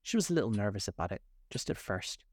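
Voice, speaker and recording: A man reading a classic storybook aloud as a storyteller, with expressive narration. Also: fairly low pitch, fast.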